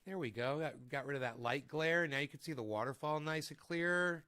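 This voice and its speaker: Man, casual home stream, rambling, swearing, heated rants, bright tense voice. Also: fairly high pitch, normal speed. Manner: rambling, profane, heated ranting. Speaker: vlogger. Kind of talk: casual live-stream chat. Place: home room with a desk. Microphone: desk microphone.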